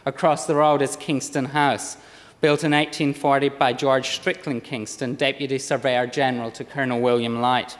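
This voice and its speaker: A man in his thirties with a lowland Scottish accent softened by years in Australia, delivering a measured, formal speech in parliament. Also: little pitch movement. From Scotland. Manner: measured, read-out oratory with occasional slips. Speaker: member of parliament. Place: parliament chamber. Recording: long reverb of a large chamber.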